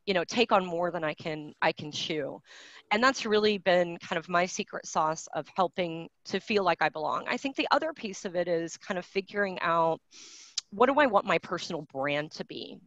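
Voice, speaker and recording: Woman, forties, low voice, conversational keynote speaker, dull lo-fi video call audio. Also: animated, moderate pace, fairly bright tone, dry recording. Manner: candid, conversational, with frequent fillers and restarts. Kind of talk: virtual graduation address.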